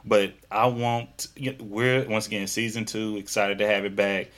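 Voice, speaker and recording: Southern-accented man hosting, low voice. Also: little pitch movement, moderate pace, fairly bright tone. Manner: chatty, rambling with restarts. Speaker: podcast host. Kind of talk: casual interview chat.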